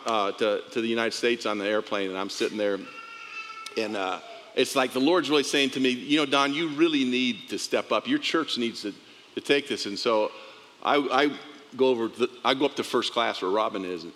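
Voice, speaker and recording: A pastor with a bright, forceful voice tells a story from the pulpit, laughing often and slipping into the voices of the people in it. His voice rings out across a large sanctuary with a long reverb tail. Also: medium pitch. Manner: animated storyteller, laughing often, acting out dialogue.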